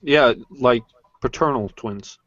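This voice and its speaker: A man's voice: medium pitch, slow pace, a bit bright, no room sound, lo-fi sound. A man from Norway chatting casually with friends in a live group hangout, stammering, restarting and swearing often.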